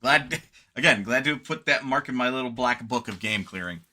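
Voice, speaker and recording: Tired laid-back male streamer, bright tone. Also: mid-range voice, lively intonation, moderate pace. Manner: rambling, laid-back, sleepy. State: tired, yawning. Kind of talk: casual stream outro chat.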